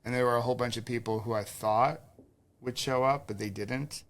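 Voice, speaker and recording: A man's voice: mid-range voice, steady tone, fairly quick, a bit bright. A man hosting a podcast, asking thoughtful, empathetic questions and sharing his own experience. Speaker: podcast host. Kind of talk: interviewing, conversational.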